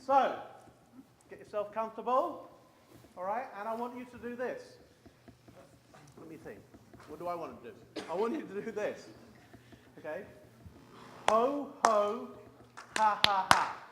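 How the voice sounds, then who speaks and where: A man giving a conference keynote, loudly and playfully coaxing the audience through a laughter exercise. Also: high voice, expressive, normal speed, long pauses, noisy background. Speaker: keynote speaker. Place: conference hall.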